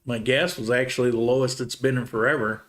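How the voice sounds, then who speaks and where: A man hosting a casual livestream Q&A, reading viewer comments and answering in a relaxed, rambling way. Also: medium pitch, fast. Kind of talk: casual live Q&A chat.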